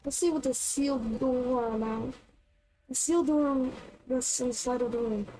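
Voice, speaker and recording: A woman's voice: sits high, steady tone, normal speed, mellow, soft background music, low-quality recording. A woman streaming a game in casual commentary, reading the on-screen text aloud between chatty reactions.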